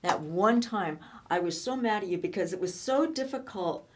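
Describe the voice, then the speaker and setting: A woman in her seventies reminiscing in casual chat, telling lively stories and laughing often. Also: medium pitch, normal speed, a little hiss or hum. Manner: animated storytelling, laughs often. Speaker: co-host.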